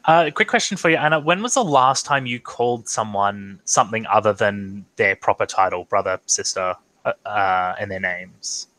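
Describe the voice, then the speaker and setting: A man narrates a tabletop game as game master over a video call, his voice bright and forward. He pauses often with ums and restarts as he sets the scene. The sound is dry, with no room around it. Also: fairly low pitch, no room sound, low-quality recording. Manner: hesitant, full of ums and restarts. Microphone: online video call.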